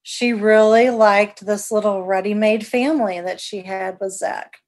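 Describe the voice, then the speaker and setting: A woman's voice: medium pitch, fairly even intonation, a little slow. A middle-aged woman being interviewed, recounting past events in a chatty, emotional way and acting out what people said. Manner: emotional, chatty, acts out remembered dialogue. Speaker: interviewee, mother of the story's subject.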